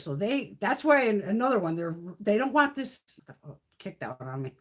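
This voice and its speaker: A woman on a casual live stream rants bluntly and profanely. Her voice is husky and sits fairly high, and it swings widely in pitch. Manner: blunt, profane, heated ranting. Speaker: beauty livestream host.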